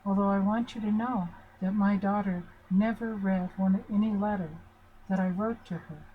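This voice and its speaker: An older woman teaching family relationships talks informally at a board, asking questions in a friendly way to put listeners at ease. She speaks at a normal speed in a mid-range voice with fairly even intonation. The recording is narrow and tinny, with slight hiss or hum.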